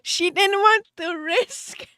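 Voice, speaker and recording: A high-pitched woman streaming as a VTuber, talking to her chat at an unhurried pace. She is giggly and openly emotional, laughing often between sentences. Her voice sounds close and dry, with no room echo. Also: pushed and bright. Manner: self-deprecating rambling with small restarts. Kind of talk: casual chat with stream viewers.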